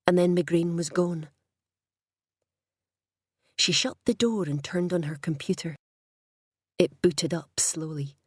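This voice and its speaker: A woman reading a crime novel aloud in measured, wry scripted narration. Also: lowish voice, slightly rough, no room sound, studio quality. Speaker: audiobook narrator.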